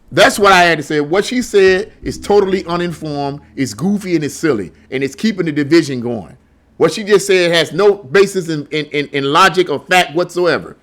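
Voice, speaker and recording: A man's voice: on the high side, bright, forceful tone. A middle-aged man giving blunt, heated solo commentary, often repeating words as he gets worked up. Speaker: political commentary host.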